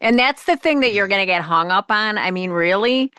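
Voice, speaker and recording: A woman's voice: medium pitch, lively intonation, brisk, bright, forceful tone, smooth, dry recording. A woman co-hosting a casual political chat, speaking emphatically and often chiming in to agree. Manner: emphatic, frequent agreeing interjections. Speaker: co-host.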